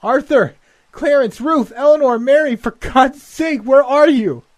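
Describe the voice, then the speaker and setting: A man's voice: medium pitch, lively intonation, a little slow, warm tone, husky, dry recording, pitched above the performer's own voice. A man voicing a frantic mother who screams out for her lost children. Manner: screaming, desperate.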